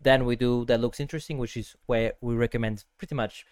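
Guy hosting a podcast, chatty and jokey, smooth clear voice, dead dry mic. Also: mid-range voice, steady tone, fast talker, a little mellow, dry recording. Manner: chatty, self-deprecating, laughs often. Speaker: podcast host. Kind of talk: casual chat.

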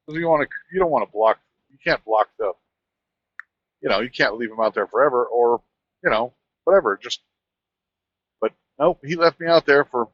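A man, a truck driver, telling a rambling, animated anecdote in casual conversation. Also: medium pitch, normal speed, pauses often, dry recording, dull audio. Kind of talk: casual storytelling.

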